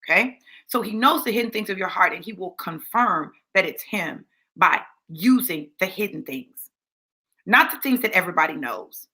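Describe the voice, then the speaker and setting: A woman's voice: lowish voice, lively intonation, normal speed, bright, forceful tone. A woman preaching a sermon in a sassy, conversational way, repeating phrases for emphasis. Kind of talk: sermon teaching.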